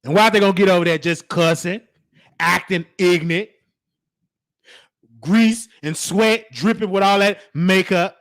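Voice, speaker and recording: A man with a high-pitched voice riffs through a casual reaction commentary. He teases and scolds in a preachy way, drawing out each "honey" as he hosts his show. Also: fairly bright tone. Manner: teasing, preachy, drawn-out "honey"s. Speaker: show host.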